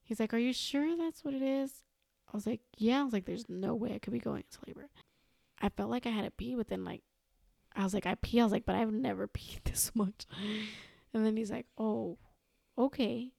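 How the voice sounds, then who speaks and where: A woman's voice: a little high, steady tone, brisk, creaky, dark tone, no room sound, clean studio sound. A young woman, a podcast guest, telling a long personal story in casual chat, quoting herself and others again and again. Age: young adult. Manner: rambling, quotes herself and others with "I was like".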